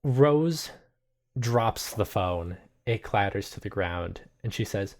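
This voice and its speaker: A man narrating a tabletop game as game master, unhurried and full of filler words. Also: fairly low pitch, expressive.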